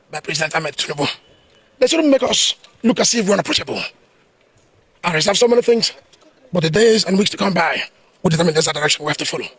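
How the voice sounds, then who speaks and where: A man's voice: high voice, fairly bright tone, husky, dry recording, poor audio. A man, speaking emphatically to reporters in defense of a detainee. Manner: emphatic, declarative. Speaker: supporter speaking to the press. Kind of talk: impassioned statement to reporters.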